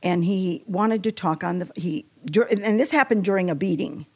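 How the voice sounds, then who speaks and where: Speaking at a normal speed with a voice on the low side, a woman gives her faith testimony. Her storytelling is emotional and animated, and she acts out quoted lines.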